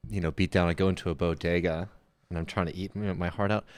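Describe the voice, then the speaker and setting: A man's voice: low voice, fairly even intonation, fast. A man co-hosting a podcast, telling a self-deprecating story in a casual way.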